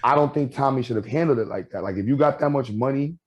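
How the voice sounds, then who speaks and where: A man's voice: medium pitch, fast talker, dull audio. A man telling stories in a casual podcast chat, acting out what people said. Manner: storytelling, animated, acts out quotes.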